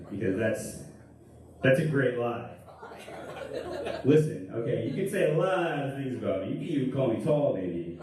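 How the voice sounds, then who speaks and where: A young man doing crude, rambling stand-up comedy with deadpan asides. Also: mid-range voice, moderate pace, long pauses, a crowd in the background. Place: comedy club stage. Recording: echoey room, distant mic, noisy.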